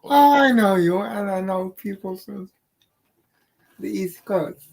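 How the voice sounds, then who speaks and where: A woman's voice: medium pitch, slow pace, gravelly, pauses often, darkish tone. A woman co-hosting a casual live stream, blunt and sweary, who laughs often.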